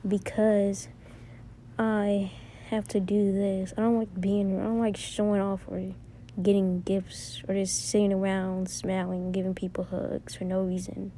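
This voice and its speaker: A woman voicing a gloomy, reluctant young princess in a spoken fan story, talking slowly and subdued. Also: medium pitch, little pitch movement, mellow, slight background noise, lightly acted.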